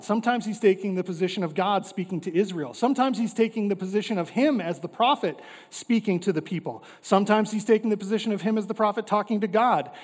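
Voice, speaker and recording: High-voiced man preaching in an echoing hall. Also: husky. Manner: earnest preaching, voices God with dramatic drops in pitch and volume. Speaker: pastor. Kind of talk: sermon. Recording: reverberant hall.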